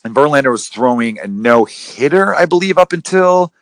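A man hosting a casual sports podcast, rambling and animated, with some swearing. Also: on the high side, moderate pace, dry recording. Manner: rambling, profane, animated retellings. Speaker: podcast host.

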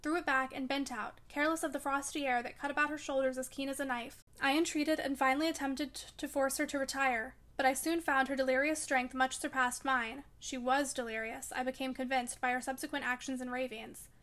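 A woman reading a classic novel aloud in a measured, even storytelling manner. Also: sits high. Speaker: reader. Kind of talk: audiobook narration of a classic novel.

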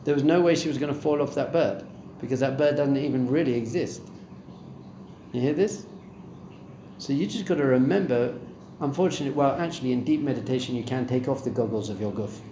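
Mellow-voiced man teaching a live class. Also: mid-range voice, a little fast, roomy sound, slight background noise. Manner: conversational, asks the audience questions. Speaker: spiritual teacher. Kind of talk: Torah class on meditation. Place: room with a live audience.

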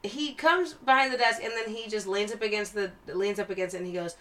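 A woman's voice: medium pitch, quick pace, hardly any pauses, a bit bright. A young woman co-hosting a casual podcast, telling a story with lots of swearing and quoting people in their own voices. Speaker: podcast co-host.

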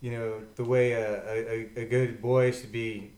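A man's voice: medium pitch, level tone, a little slow, a little mellow, natural voice. A man voicing a stern male preacher who lectures a boy in a spoken joke. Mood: lecturing. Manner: lecturing, then loosened up. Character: stern churchgoing male preacher, middle-aged. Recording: roomy, far from mic, faint ambience.

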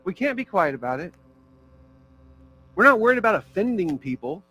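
A man's voice: high-pitched, big pitch swings, moderate pace, bright, forceful tone, poor audio. A man preaching a sermon as pastor, in a casual, conversational way with fillers and small jokes.

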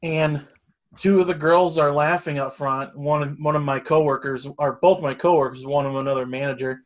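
A man's voice: a little high, steady tone, brisk. A middle-aged man telling a long story in casual chat, rambling and swearing freely. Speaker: storyteller guest.

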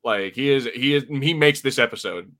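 In a casual podcast review chat, this co-host rambles along, filling his speech with fillers and restarts. He talks at a moderate pace in a mid-range voice with a fairly bright tone.

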